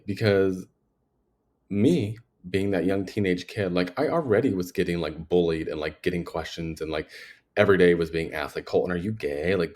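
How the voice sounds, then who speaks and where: A man's voice: low-pitched, darkish tone. A young man hosting a podcast, talking earnestly in a personal monologue, rambling with lots of fillers. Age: young adult. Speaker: podcast host.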